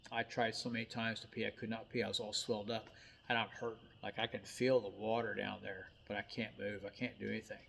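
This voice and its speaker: A man's voice: fairly low pitch, level tone, fairly quick, creaky, a bit bright, slight background noise. A man of about fifty, a truck driver, telling a personal story in a blunt, folksy way with some mild cursing.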